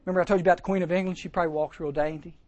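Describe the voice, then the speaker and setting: A man preaching a sermon to teens, lively and joking, acting out voices and asking the crowd questions. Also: high-pitched, very fast, no room sound, highs cut off. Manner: lively, acts out voices, jokes, rhetorical questions. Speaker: camp speaker.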